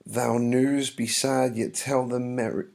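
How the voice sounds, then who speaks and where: A man's voice: medium pitch, flat delivery, takes it slowly, vocal fry, darkish tone, pitched above the performer's own voice. A man reading the lines of an impatient young girl in love, pleading and insistent.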